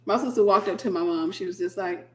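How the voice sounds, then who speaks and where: A woman minister hosting a casual late-night livestream, a sleepy, animated storyteller. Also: mid-range voice, fast talker, echoey room. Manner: animated storyteller who acts out quoted voices.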